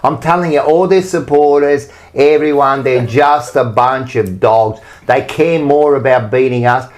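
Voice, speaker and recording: A man's voice: medium pitch, unhurried. An Australian man co-hosting a podcast, ranting emphatically with swearing and rambling asides. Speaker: podcast co-host. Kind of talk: heated casual rant.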